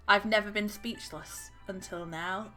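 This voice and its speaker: A woman's voice: mid-range voice, fairly even intonation, a little slow, pushed and bright, soft background music. A woman hosting a live stream, chatting with viewers, laughing often and gushing with overwhelmed thanks. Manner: giggly and effusive, laughing often. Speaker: livestream host.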